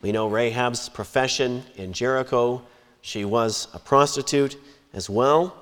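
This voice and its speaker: A man preaching a sermon in a measured, emphatic way, lifting and dropping his voice for stress. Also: mid-range voice. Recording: long hall reverb.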